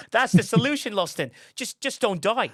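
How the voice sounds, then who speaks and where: A man's voice: extremely high pitch, lively intonation, unhurried, no room sound, studio quality. A man hosting a casual live stream, joking sarcastically and reading out viewer comments. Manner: joking, sarcastic, reads chat aloud. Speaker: streamer host.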